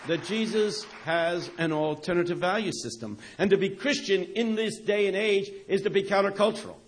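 A man preaching a sermon, animated, swinging from near-shouts down to hushed lines. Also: fairly high pitch, moderate pace.

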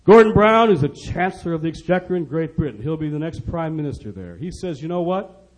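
A man's voice: on the high side, animated, fast. Impassioned man preaching a sermon. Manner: impassioned, repetitive, rising to loud emphasis. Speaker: preacher speaking on poverty. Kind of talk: sermon-style speech.

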